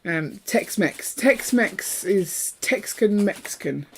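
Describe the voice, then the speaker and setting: A woman of medium pitch speaks slowly but animatedly, with slight background noise. She's a co-host on a live building stream, chatting playfully and casually while building, switching topics often and reading out what viewers send in.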